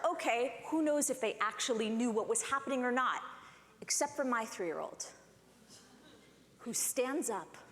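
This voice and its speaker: A high, lively woman tells a personal story to a conference audience, her pitch leaping as she acts out the people she quotes. The sound is roomy, with a long hall reverb trailing each phrase. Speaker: conference speaker. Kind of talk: storytelling keynote talk.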